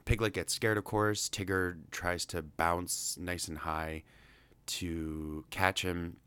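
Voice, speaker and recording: A man's voice: low-pitched, fairly even intonation, slow pace, fairly bright tone, clean tone. A man casually recapping a film's plot in a chatty, rambling, amused way. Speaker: film reviewer.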